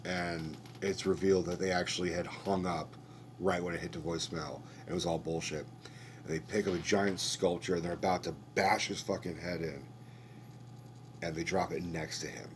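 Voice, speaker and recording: A man hosts a podcast, talking through a film in a loose, rambling way full of swearing and asides. His voice sits very low, with a faint hum underneath. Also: steady tone, moderate pace. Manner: rambling, profane, conversational. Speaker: podcast host. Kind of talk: casual movie review rant.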